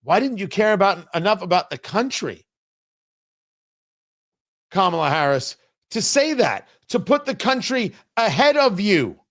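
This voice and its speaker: A man's voice: sits high, very animated, unhurried, pauses often, a bit bright. A middle-aged man hosting a political commentary livestream, firing off sarcastic, heated rhetorical questions. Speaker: talk show host.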